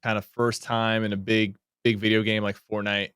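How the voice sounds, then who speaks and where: A man's voice: on the low side, level tone, normal speed, fairly bright tone, clear, resonant tone, dry recording, clean studio sound. A man, a gaming content creator, explaining things in a chatty way and often repeating words as he talks. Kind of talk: casual podcast interview.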